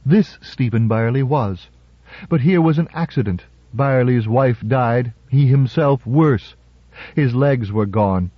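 A male narrator reading a story in a measured, dramatic way. The sound is dry and close, with a slightly muffled, dull tone. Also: medium pitch, slightly rough, dry recording. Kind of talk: audiobook narration. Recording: slightly muffled audiobook recording.

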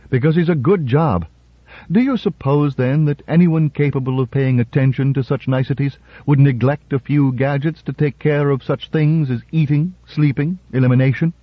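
A man reading aloud and voicing a cool, precise woman robot psychologist who lectures in a crisp, clinically detached way. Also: medium pitch, no echo, voice pushed up, close to an everyday voice. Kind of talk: radio story reading. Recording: dull, dry radio recording.

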